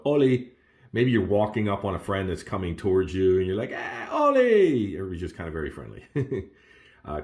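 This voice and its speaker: A man casually walking through his beginner study notes, who laughs often and jumps up in pitch on exclamations. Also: a little mellow. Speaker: language learner sharing study notes. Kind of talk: casual self-recorded lesson.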